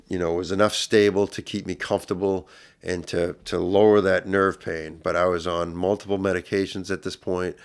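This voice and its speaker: A middle-aged man speaks as a podcast guest, recounting a personal ordeal with earnest emotion. His voice sits low and deep and is smooth and resonant, and it grows louder when the story turns intense.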